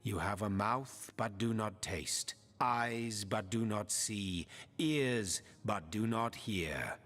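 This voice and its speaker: A grave demon hunter mentor in a video game, preaching his warnings slowly and deliberately in a fairly low voice. The voice rings out with a long hall reverb, and soft game music plays behind it. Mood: lecturing. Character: stern lecturing male demon hunter mentor.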